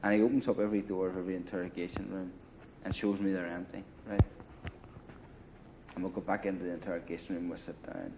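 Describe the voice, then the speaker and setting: A man's voice: sits low, steady tone, quick pace, noisy background. A man casually telling a long war story in a grungy apartment, rambling and profane, with lots of "you know" and "right.". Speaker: interviewee telling war stories. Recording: dull lo-fi 1980 film audio.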